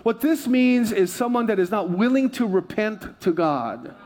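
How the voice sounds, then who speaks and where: A male pastor from Hawaii preaching with a fairly high voice. He tells funny stories, repeats his key phrases and asks the congregation to answer him. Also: lively intonation, measured pace, darkish tone. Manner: humorous storytelling with repeated phrases. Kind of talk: sermon.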